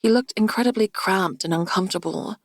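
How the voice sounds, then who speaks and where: Woman narrating an audiobook, measured and dry. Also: medium pitch, no room sound. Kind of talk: scripted narration.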